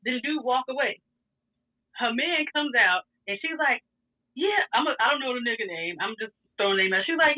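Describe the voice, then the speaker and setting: A woman tells a story casually, cursing freely and laughing between lines. Her voice sits a bit high, and it comes through a thin, phone-like channel. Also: normal speed. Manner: animated, profane, laughs often. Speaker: guest telling a story. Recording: tinny phone-like sound.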